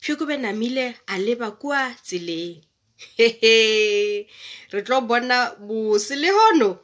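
A woman's voice: a little high, a bit bright. A young woman reading a children's story aloud and chatting about it. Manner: chatty, explaining.

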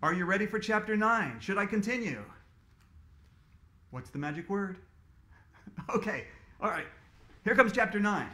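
A playful man reads his own story aloud to children, teasing his listeners between chapters. His voice sits high and swings lively up and down. The sound carries the echo of a roomy space. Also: moderate pace, long pauses. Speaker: author reading his book to children. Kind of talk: storytelling read-aloud for kids.

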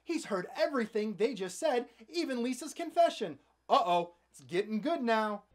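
A man's voice: very high-pitched, big pitch swings, normal speed. A man hosting a comedic movie recap, narrating with sarcastic, playful asides. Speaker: host.

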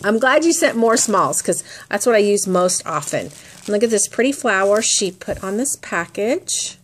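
A woman's voice: mid-range voice, takes it slowly. A woman crafting vlogger chatting casually as she shows off handmade gifts, gushing and admiring as she goes. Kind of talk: casual unboxing chat.

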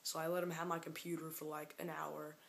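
A woman's voice: deep voice, little pitch movement, brisk, vocal fry. A woman vlogging casually alone in an upstairs room into a camera mic, rambling and joking and often getting sidetracked. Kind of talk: casual vlog.

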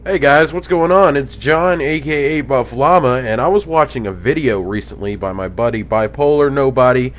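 A man's voice: mid-range voice, fairly bright tone, slight background noise. A man hosting a gaming video, ranting indignantly with plenty of profanity. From United States. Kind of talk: gaming commentary rant.

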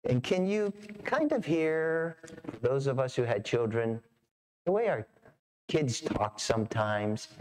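A man's voice: mid-range voice, big pitch swings, takes it slowly, darkish tone, slight background noise. A middle-aged man preaching a sermon as pastor, storytelling with animation and acting out voices. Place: church sanctuary.

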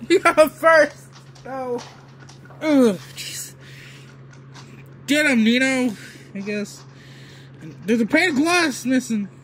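A man giving excited gameplay commentary, yelling, laughing and pleading with his opponents as he plays. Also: very high voice, takes it slowly, pauses often, slight background noise. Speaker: gaming video creator.

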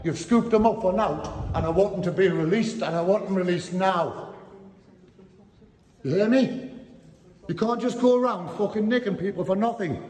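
A man's voice: high voice, moderate pace, pauses often, darkish tone, echoey room, in a large hall. A man, filming himself as he argues with police, mocking and swearing. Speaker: vlogger confronting police. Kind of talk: confrontational street filming. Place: police station public area.

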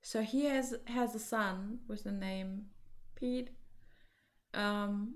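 A woman's voice: on the high side, slow, a little mellow. Hesitant woman streaming a game. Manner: thinking aloud, hesitant, many fillers. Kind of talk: casual let's-play commentary.

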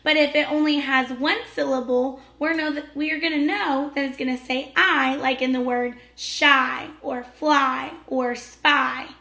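A young adult woman teaching a children's phonics lesson, encouraging and drawn-out, recorded in an echoey room. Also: high-pitched, fairly even intonation, sharp tone. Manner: encouraging, slow and drawn-out cheerful teacher talk.

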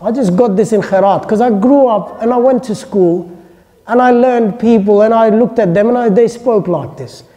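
A man's voice: high-pitched, moderate pace, warm tone. A man giving a casual, joking classroom lecture to listeners. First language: English. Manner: chatty, joking, informal asides. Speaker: Islamic lecturer. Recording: long hall reverb.

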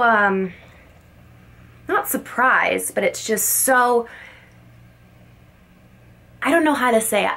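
A young woman talking as a mother to her baby son, tender and emotional, with halting words, recorded in a closet at home. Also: mid-range voice, fairly bright tone. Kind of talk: heartfelt personal video message.

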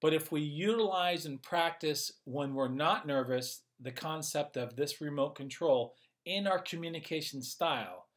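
A man's voice: fairly high pitch, unhurried, few pauses. A man as a communication coach, explaining in an upbeat, conversational way and thinking aloud as he goes. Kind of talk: casual instructional video.

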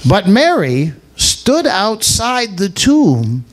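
Man pastor, scripture reader, high voice, lively and unhurried. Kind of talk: dramatized scripture reading at a service.

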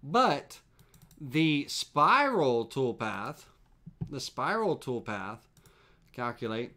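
Man demonstrating CNC software on a live stream. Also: mid-range voice, very slow. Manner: relaxed, repetitive explaining with fillers. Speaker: CNC woodworking instructor.

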